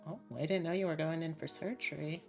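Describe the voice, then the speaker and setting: A woman hosting a stream, calmly reading game text aloud and chatting with her guest. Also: sits low, fast, vocal fry, soft background music. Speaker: streamer host.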